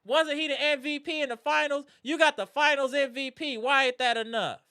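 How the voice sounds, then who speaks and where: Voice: high voice, a little fast. Trash-talking sports reaction streamer. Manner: trash-talking, animated, slangy. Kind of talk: casual sports reaction rant.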